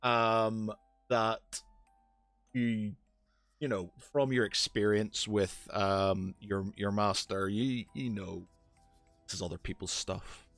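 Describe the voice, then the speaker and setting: Halting male game master. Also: on the low side, steady tone, a bit bright, soft background music. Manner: halting, lots of fillers and restarts. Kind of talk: narrating a tabletop game.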